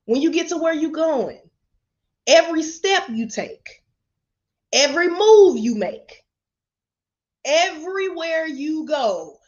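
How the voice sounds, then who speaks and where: Blunt, profane woman on a lo-fi livestream. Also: sits high. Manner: blunt, profane, laughs often. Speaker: motivational speaker. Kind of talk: live-stream motivational talk. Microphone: webcam or phone camera.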